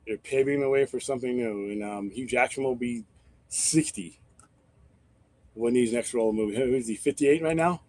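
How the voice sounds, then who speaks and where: A man's voice: mid-range voice, moderate pace, a little mellow. A man hosting a casual live-stream chat, rambling and swearing freely as he thinks aloud with restarts. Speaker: host.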